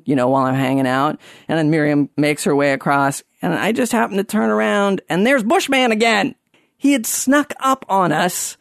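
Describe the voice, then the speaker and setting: A man's voice: fairly high pitch, no room sound. A man rambles through a casual podcast story, full of fillers and restarts. His voice swings up animatedly as the story builds. The sound is dry and close on the mic. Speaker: podcast host.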